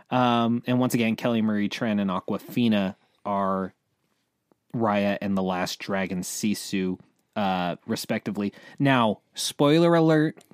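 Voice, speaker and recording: A young man co-hosting a casual entertainment news podcast, talking in a chatty way with lots of fillers and quick bursts. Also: mid-range voice, dry recording, clean studio sound. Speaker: podcast co-host, editor-in-chief.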